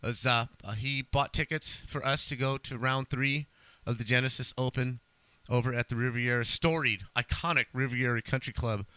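Bright-voiced middle-aged man, dry sound. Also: medium pitch, steady tone, normal speed, clear, resonant tone, dry recording. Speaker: podcast co-host. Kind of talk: casual chat.

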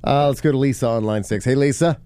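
A man's voice: mid-range voice, fast talker, dark tone, clear, resonant tone, no room sound. A man hosting a radio show, teasing callers and his co-host in casual banter. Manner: teasing, joking, sings along. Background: music.

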